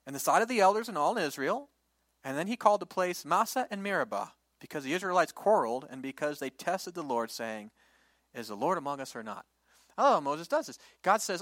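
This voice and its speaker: A man preaching a lively sermon, retelling a Bible story and acting out its characters in quick voices. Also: a little high, no echo. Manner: animated, acts out the people and God in quick voices.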